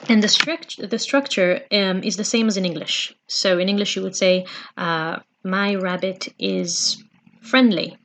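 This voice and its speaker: A patient woman teaches a relaxed home-study lesson at a steady middle pitch. She talks things through with gentle fillers and stops to repeat each phrase slowly. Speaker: French teacher. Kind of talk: home-learning language lesson.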